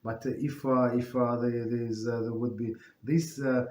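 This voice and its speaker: A man teaching an informal religious class, speaking in halting English with many fillers and restarts. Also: medium pitch, flat delivery, a little mellow. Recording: echoey room with faint noise.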